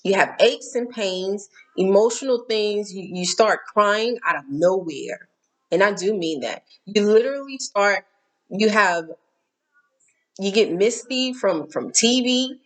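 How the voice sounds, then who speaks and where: A woman's voice: medium pitch, unhurried, fairly bright tone. Candid woman giving a spiritual talk. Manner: candid, repetitive, emphatic, occasional cursing. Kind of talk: casual spiritual talk to camera.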